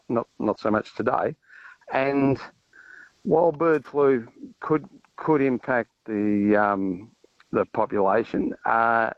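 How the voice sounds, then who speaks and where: Rambling Australian hunter, low voice. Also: male voice, no room sound, lo-fi sound. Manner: relaxed, rambling, cheerful with many fillers. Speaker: duck hunter on air. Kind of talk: casual radio interview.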